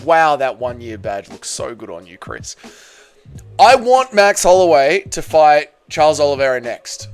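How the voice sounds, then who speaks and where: Aussie bloke hosting a live stream, upbeat and chatty, voice sits a bit high, faint music under it. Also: male voice. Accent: Australian. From Australia. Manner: upbeat, greets chat viewers by name, chatty and rambling. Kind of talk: casual live stream chat.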